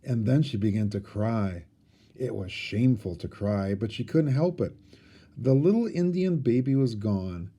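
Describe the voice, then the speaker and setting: Warm, mellow-voiced man reading aloud. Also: fairly low pitch, unhurried, breathy edge. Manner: expressive storytelling.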